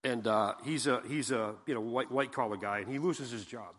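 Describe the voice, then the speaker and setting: A man's voice: mid-range voice, moderate pace, background noise. A man preaching as a guest pastor in a church, telling a folksy joke and then reading and explaining scripture, often asking the congregation questions. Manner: folksy storyteller, asks the audience questions. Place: church sanctuary. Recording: long hall reverb.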